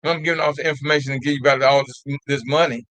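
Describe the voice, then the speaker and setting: A man's voice: mid-range voice, fairly even intonation, rapid-fire, fairly bright tone, no room sound, poor audio. An older man hosting a live call-in talk show, exhorting his listeners in a repetitive, folksy way and calling them "y'all.".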